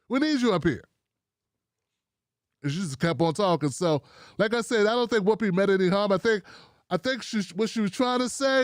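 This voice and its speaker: A man's voice: high voice, dry recording, clean studio sound. A man hosting a commentary show, talking casually and mockingly and repeating himself for effect.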